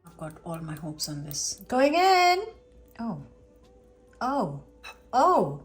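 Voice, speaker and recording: A woman's voice: on the high side, wildly swooping pitch, slow, faint music behind. Chatty woman cooking in an echoey kitchen. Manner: frank and chatty, with exclamations. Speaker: cooking vlogger. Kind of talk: chatty cooking vlog, talking while cooking. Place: home kitchen. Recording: roomy kitchen echo.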